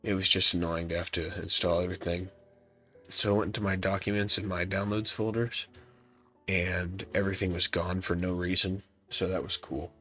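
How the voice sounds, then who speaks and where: Over soft background music, a congested young man provides casual gameplay commentary for his YouTube channel, rambling and self-deprecating. His low-pitched voice is bright and forceful, steady in tone at a normal speed. He uses a laptop setup.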